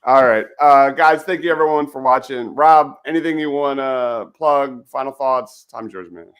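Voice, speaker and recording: Man host, middle pitch, casual football talk, halting then emphatic. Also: a bit bright, smooth. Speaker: podcast host. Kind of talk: casual sports chat.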